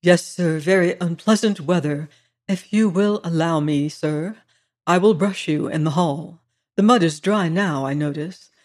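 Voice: mid-range voice, darkish tone, lightly acted. A narrator doing a deferential, precise butler. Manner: respectful, measured and exact.

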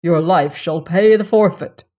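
Storyteller doing a stern fairy-tale master, slow and loud, threatening — storybook reading. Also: mid-range voice, close to an everyday voice. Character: stern, harsh male master, grown man.

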